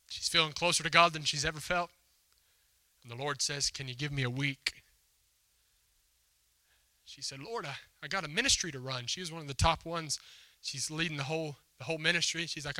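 Bright-voiced male pastor telling a story. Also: fairly high pitch, a little fast, no echo. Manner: storytelling with acted quotes, emphatic and conversational. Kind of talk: sermon. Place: church hall before a congregation.

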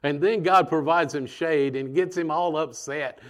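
A man preaching a sermon in a conversational, animated way, acting out voices as he goes. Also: a little high, normal speed.

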